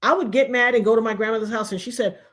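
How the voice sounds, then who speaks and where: A woman's voice: fairly high pitch, fast talker, fairly bright tone. A middle-aged woman, hosting a casual livestream chat and telling stories animatedly, acting out the voices of the people she quotes. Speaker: show host.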